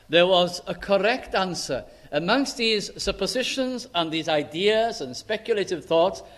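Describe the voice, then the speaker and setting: A man preaching a sermon in an emphatic way, slowing down to stress scripture quotes and key words. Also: sits high, fairly bright tone.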